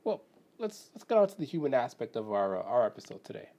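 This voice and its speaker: A man's voice: mid-range voice, big pitch swings, fast, dark tone. A man from Canada talking casually and rambling on his own show, with lots of "right?" and little acted-out quotes. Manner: rambling, many fillers and self-questions, acts out quoted friends. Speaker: podcast host. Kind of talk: casual solo talk on self-help.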